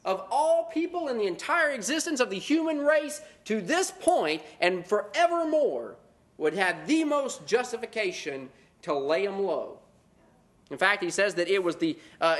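A man's voice: high voice, fairly bright tone. A man preaching a sermon, moving between plain teaching and mocking put-on voices of self-righteous believers.

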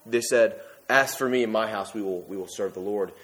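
Young male preacher, conversational sermon delivery, animated with sudden emphatic peaks. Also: lowish voice, a little fast.

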